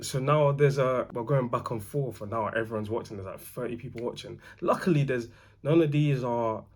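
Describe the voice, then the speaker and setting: A young man, rambling through a casual storytime in animated slang. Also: medium pitch, slightly rough. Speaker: vlogger.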